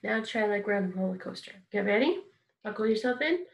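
A woman teaching a kindergarten music lesson, speaking encouragingly and singing simple songs slowly for young children. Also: medium pitch, animated, creaky, echoey room. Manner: bright, encouraging, sings slowly with exaggerated voice play.

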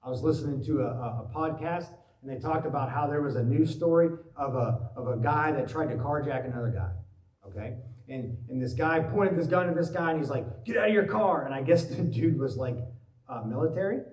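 A man preaching a sermon as pastor, telling stories in a lively way and acting out worried voices. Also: medium pitch, a little fast. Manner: animated storytelling, acts out worried voices. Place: church sanctuary. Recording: echoey church hall, mic at a distance.

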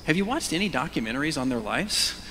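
A middle-aged male pastor preaching a sermon, animated, moving between loud calls and hushed whispers and prompting the congregation to say words aloud. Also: a little high, fast talker, slight background noise. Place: church sanctuary. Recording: long church reverb.

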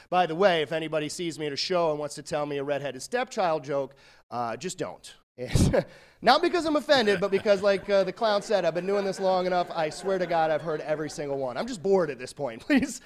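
A man's voice: a little high, lively intonation, brisk. A male comedian telling rambling, self-deprecating stories in a stand-up routine.

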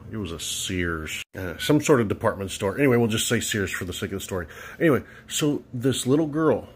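Husky man telling a wry story. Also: fairly low pitch. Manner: laid-back, wry storytelling. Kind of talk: casual TikTok storytelling.

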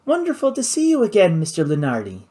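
A man's voice: extremely high pitch, big pitch swings, unhurried, pitched above the performer's own voice, exaggerated voice. A man voicing a poised, adventurous young woman with an airy sing-song manner in an audiobook. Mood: breezy. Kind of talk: audiobook character voice.

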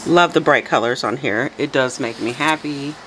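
A woman hosting her soap making channel, chatting casually to viewers with a raspy early-morning voice and frequent laughs. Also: rumbling low, moderate pace, noisy background. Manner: chatty, laughs often, talks to viewers directly. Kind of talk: casual tutorial chat.

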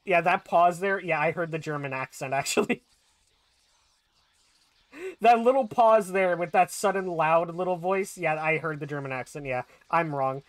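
A man's voice: on the high side, moderate pace, no room sound. A young man live-streaming a game, thinking aloud, laughing often and swearing as he plays.

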